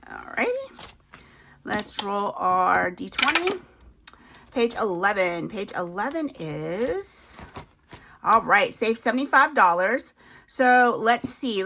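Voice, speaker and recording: Chatty woman with a lively voice. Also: medium pitch, a little hiss or hum. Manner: chatty, talks to viewers as y'all, laughs at herself. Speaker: budgeting video host. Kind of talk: casual savings challenge commentary.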